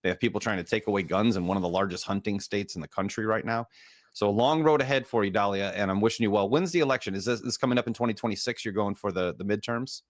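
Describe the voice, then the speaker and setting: A man hosting a podcast interview, giving opinions in a rambling, measured way. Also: lowish voice, dry recording. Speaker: podcast host. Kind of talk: conversational interview.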